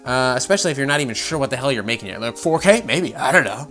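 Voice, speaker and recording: A man's voice: medium pitch, expressive, rapid-fire, fairly bright tone. A man giving casual, sarcastic commentary on gaming news, swearing freely and laughing often.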